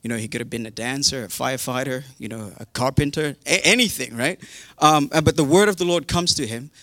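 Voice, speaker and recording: A man's voice: medium pitch, a little fast, pushed and bright, dry recording. Chatty, humorous male preacher. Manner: chatty and humorous, with modern slang. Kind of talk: casual sermon retelling a Bible story.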